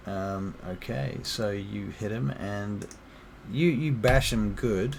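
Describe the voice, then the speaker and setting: A man narrating a tabletop game as game master, relaxed and full of fillers. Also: lowish voice, slow, creaky, a little hiss or hum.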